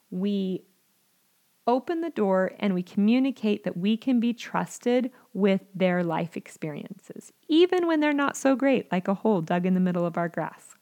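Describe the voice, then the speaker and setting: A woman's voice: medium pitch, darkish tone. A woman speaking earnestly to parents, teaching how to respond to children with curiosity, sometimes acting out what a parent might say. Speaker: parenting educator.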